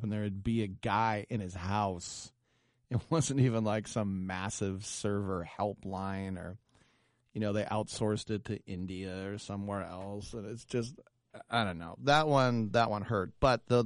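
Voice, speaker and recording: Guy hosting a radio show, animated and self-deprecating, kinda low voice, dry close sound. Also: no room sound. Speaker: radio talk show host. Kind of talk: casual radio storytelling.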